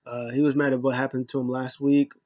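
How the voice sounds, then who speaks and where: A man talks through a wrestling episode in a loose, rambling way, full of uhs and asides. His voice sits at an ordinary middle pitch. The sound is dry and close, with no room around it. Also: little pitch movement, fast, darkish tone, no room sound, dull audio. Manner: rambling, filler-heavy retelling. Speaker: wrestling show reviewer. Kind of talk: casual recap chat.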